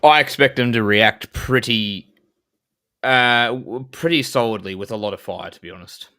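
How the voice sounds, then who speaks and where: A man co-hosting a football podcast, giving frank, measured analysis in a casual style. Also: medium pitch, bright, forceful tone. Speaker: podcast co-host.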